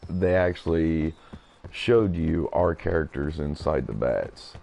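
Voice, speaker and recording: A man's voice: a bass voice, creaky, mellow, slight background noise. A man chatting as he streams a game, in a rambling, chatty manner. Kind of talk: casual gameplay commentary.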